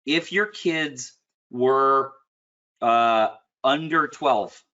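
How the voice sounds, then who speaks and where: A man coaches a client in a loose, one-on-one session, with a bright, forceful edge to his voice. He talks bluntly and with plenty of animation, and he keeps clearing his throat. The recording sounds muffled and lo-fi. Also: medium pitch, extremely slow. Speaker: business coach.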